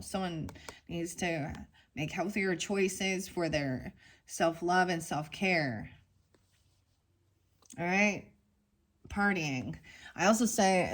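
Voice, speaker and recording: A woman's voice: fairly low pitch, slow, long pauses. A woman giving a casual tarot reading to her viewers, rambling and frank, going off on tangents. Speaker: tarot reader.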